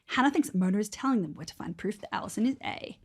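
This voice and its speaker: A woman's voice: mid-range voice, animated, fast talker, husky. A young woman co-hosting a casual podcast, reading a recap aloud in a playful way, laughing often and dropping into a whisper now and then. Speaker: podcast co-host.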